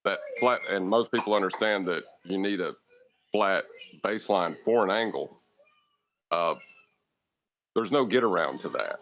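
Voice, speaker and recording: A man's voice: sits low, measured pace, long pauses, fairly bright tone, rough recording. A man in casual debate chat, talking in a hesitant, thoughtful way.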